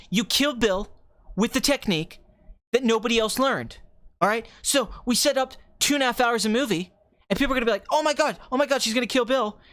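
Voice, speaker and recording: Here is a brash, self-loving film director played by a man as a comedic impression, ranting at speed and peppering every line with curses. The voice leaps around in pitch, swinging between hushed musing and wild excitement. The sound is dry and close. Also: dry recording. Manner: fast ranting, jumps from calm to excited, swears.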